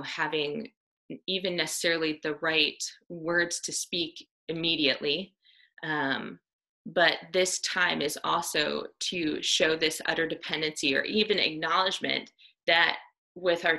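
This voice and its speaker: A woman's voice: low-pitched, vocal fry, bright, forceful tone, poor audio. A woman giving a casual devotional talk to a women's Bible study group, earnest and conversational, with frequent ums and "right?" tag questions.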